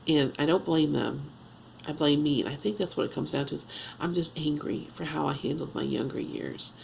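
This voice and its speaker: A woman in her fifties talking at home in a confessional vlog, halting and earnest, restarting often as she searches for words. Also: low-pitched, creaky, a little mellow, a little hiss or hum, poor audio. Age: 50s. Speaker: vlogger.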